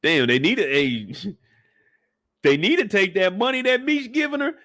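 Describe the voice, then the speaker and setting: Animated man recapping a show. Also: high-pitched, measured pace, no room sound. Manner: animated, acts out characters, profane. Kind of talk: comedic episode breakdown.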